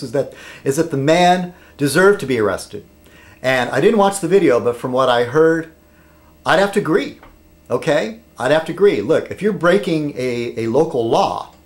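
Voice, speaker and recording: A man talking straight to his viewers in a loose, rambling vlog style. He wanders off on tangents and keeps checking in with the listener. His pitch rises and falls a great deal. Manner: rambling, digressive, asks "okay?". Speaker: vlogger. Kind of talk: casual political chat.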